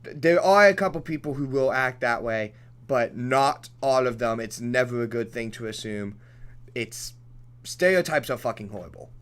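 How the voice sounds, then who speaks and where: A man's voice: mid-range voice, lively intonation, normal speed, a bit bright, clean tone. A young man streaming a game who goes off on a profane, rambling rant, restarting his sentences and laughing between points. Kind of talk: off-topic rant during a let's play.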